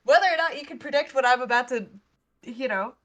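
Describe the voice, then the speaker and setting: A woman's voice: high voice, fast, a bit bright, muffled recording. A woman chatting casually on a game stream as a player, rambling and correcting herself as she talks.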